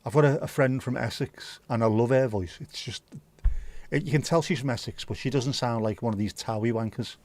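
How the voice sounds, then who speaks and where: A man's voice: mid-range voice, a little fast, a little mellow. A man hosting a livestream, chatting casually and answering viewer comments in a blunt, opinionated way, swearing freely. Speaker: livestream host.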